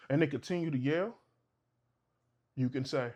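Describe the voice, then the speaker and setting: This vlogger's voice sits a little high and a bit mellow, moving at normal speed with frequent pauses, and the sound is lo-fi. He chats casually to camera, handing out advice in a preachy tone and sometimes playing out little exchanges.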